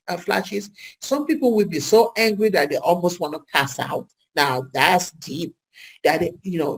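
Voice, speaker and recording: Gravelly husky woman talking casually. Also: lowish voice, darkish tone, rough recording. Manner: chatty, rhetorical questions, acts out little quoted exchanges. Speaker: nurse practitioner host. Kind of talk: casual educational talk.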